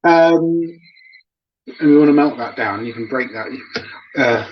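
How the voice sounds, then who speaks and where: A man hosting a live cooking demo, relaxed and chatty, laughing often as he explains each step. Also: medium pitch, a little slow, slight background noise. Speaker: cooking show host. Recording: dull lo-fi sound.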